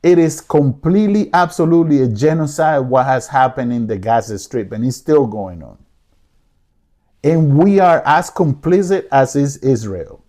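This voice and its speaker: Male podcast host, mellow warm tone, mid-pitched, impassioned pleading monologue with frequent repetition. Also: animated, normal speed. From United States. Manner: emotional, pleading, repeats himself. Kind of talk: impassioned solo commentary. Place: living room.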